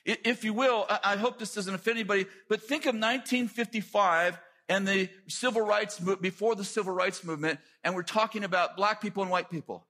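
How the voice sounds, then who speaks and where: A middle-aged man preaching a sermon, telling stories with lively asides and quick jokes. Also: sits high. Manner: animated storytelling with quick asides.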